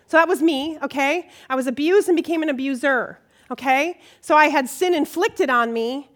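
A middle-aged woman giving a conversational sermon at a church gathering, animated and emotional, often checking in with her listeners. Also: sits high, moderate pace. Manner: animated, emotional, frequent "okay?" check-ins. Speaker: women's ministry speaker.

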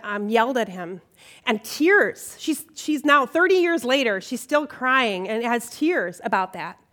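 A middle-aged woman giving a conversational sermon at a church gathering, animated and emotional, often checking in with her listeners. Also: a little high. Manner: animated, emotional, frequent "okay?" check-ins. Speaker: women's ministry speaker.

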